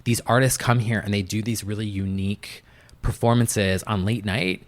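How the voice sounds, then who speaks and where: A young male music producer, guesting on a podcast, chats casually in an interview with a fairly low, steady voice at a moderate pace. His storytelling is loose and full of fillers, especially "like."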